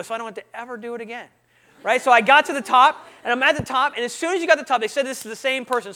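A man sharing his testimony with students in an animated storytelling talk, often asking the audience questions. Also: high-pitched.

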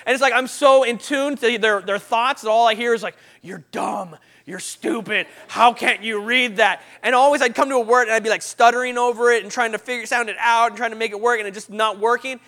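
A young man giving a lively motivational talk to an audience, acting out little scenes and voices as he tells stories. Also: very high-pitched, quick pace, few pauses. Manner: animated, acts out voices and sound effects. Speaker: speaker.

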